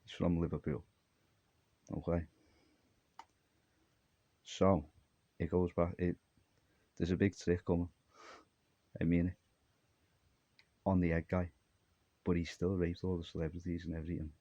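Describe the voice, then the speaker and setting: A man's voice: deep voice, little pitch movement, measured pace, pauses often, dark tone, no room sound, lo-fi sound. A man from Armenia talking to camera in a rambling solo monologue, jumpy and disjointed, trailing off mid-thought. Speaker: vlogger.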